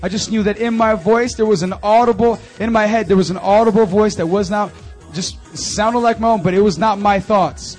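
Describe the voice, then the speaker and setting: A young man in his twenties giving an animated, chatty testimony and announcements to a youth group at a church service. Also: high voice, brisk, faint music behind. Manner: animated and conversational, full of fillers. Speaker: youth ministry speaker.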